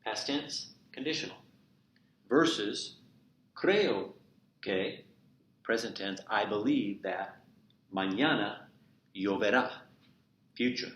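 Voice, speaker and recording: A man teaching a recorded remote Spanish lesson, explaining verb endings and repeating each example slowly. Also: on the low side, expressive, fairly bright tone. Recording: echoey room with faint noise.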